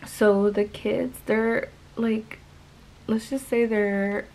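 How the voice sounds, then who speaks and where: A woman's voice: on the high side, little pitch movement, drawn-out words, a little mellow, poor audio. A woman vlogger and mother telling a story in casual chat, rambling with many fillers.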